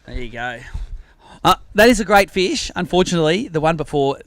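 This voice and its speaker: An Australian man with a high voice hosts a live fishing weigh-in. He jokes and teases the anglers as he reads out their bag weights. The sound is close and dry. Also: big pitch swings, fairly quick, no echo. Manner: joking, chatty, teasing anglers. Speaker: tournament host.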